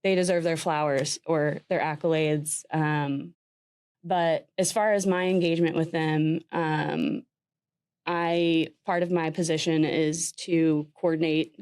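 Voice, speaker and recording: A woman's voice: low-pitched, a little mellow. A woman, a podcast guest talking earnestly and casually with many "like" fillers. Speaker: guest, former communications manager. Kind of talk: casual interview chat.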